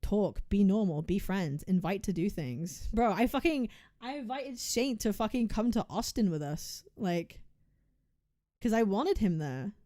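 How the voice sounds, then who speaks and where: A woman's voice: medium pitch, expressive, unhurried, dark tone. A woman game streamer venting to her chat in a casual livestream rant, frustrated and heavily profane, often repeating and restarting her words. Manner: talks straight to chat, venting about friends.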